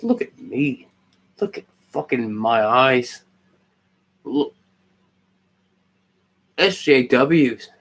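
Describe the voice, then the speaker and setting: A man rambling and swearing while chatting with viewers on a livestream. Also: medium pitch. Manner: rambling, profane, ranting at chat. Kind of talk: casual livestream chat.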